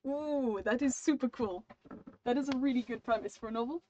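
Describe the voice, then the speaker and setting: High-voiced woman chatting on a live stream. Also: a little fast, a little mellow, lo-fi sound, a little hiss or hum. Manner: chatty, laughs often, reads chat aloud. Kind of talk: casual live-stream chat.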